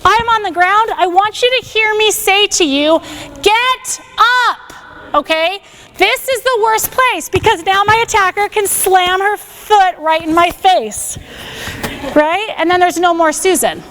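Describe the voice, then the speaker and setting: A woman teaching a self-defense class on a body microphone, giving energetic step-by-step commands and checking in with "okay?" after each one. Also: very high-pitched, measured pace, slight background noise. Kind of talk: classroom instruction. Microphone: wearing a microphone.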